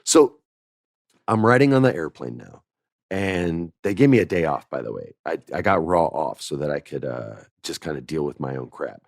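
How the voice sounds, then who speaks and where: A middle-aged man hosting a podcast, casually telling a lively anecdote and acting out quoted dialogue with laughs. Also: very deep voice, moderate pace, creaky, no room sound, studio quality. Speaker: podcast host. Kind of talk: casual storytelling.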